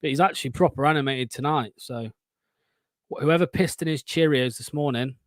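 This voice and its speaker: A man, hosting a fan watchalong stream and giving excitable, sweary live match commentary. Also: mid-range voice, fairly quick, no room sound.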